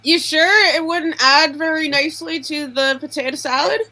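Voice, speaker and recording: A woman's voice: sits high, steady tone, normal speed, a crowd in the background. A woman performing improv comedy, asking tentative, innocent questions.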